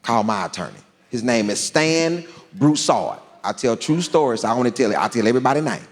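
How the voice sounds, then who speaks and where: A man telling a long story on stage as a stand-up comedian, drawling and animated, with deadpan punchlines. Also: medium pitch, a little fast. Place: large theater stage. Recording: long hall reverb, faint crowd ambience.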